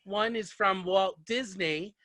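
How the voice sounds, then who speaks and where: A man's voice: sits high, takes it slowly, pushed and bright, no room sound. A man hosting a casual interview, chatty and prone to telling stories. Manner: chatty, storytelling. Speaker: interviewer, host.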